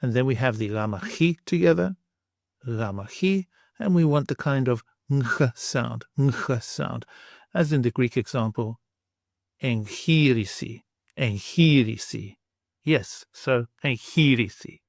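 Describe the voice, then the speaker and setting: Slow, deliberate male language teacher. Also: mid-range voice, vocal fry, a little mellow, dry recording, studio quality. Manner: repeats each example word twice, exaggerating pronunciation. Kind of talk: slow, deliberate pronunciation lesson.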